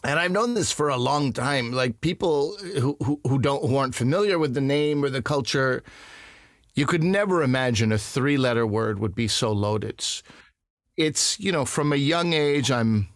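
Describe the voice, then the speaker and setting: Lively, self-mocking storytelling man. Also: medium pitch, normal speed, dry recording, clean studio sound. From Canada. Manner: animated, self-mocking, acts out other voices. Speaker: comedian guest. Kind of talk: casual storytelling interview.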